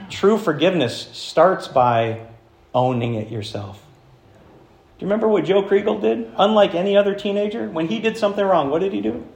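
Animated male pastor in an echoey room. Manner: animated, swings from hushed to loud and high when making a point. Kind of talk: sermon. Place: church.

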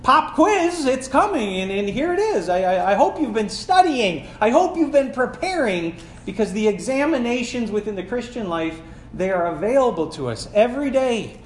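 A man's voice: sits high, sing-song, normal speed, a little mellow, echoey room, slight background noise. A man in his forties, a pastor, preaching a conversational sermon full of rhetorical questions.

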